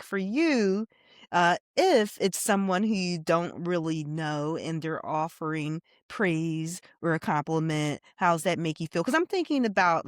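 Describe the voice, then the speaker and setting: A woman hosting a podcast, asking reflective questions in a measured, conversational way. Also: lowish voice, no echo, studio quality. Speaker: podcast host. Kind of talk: casual conversation.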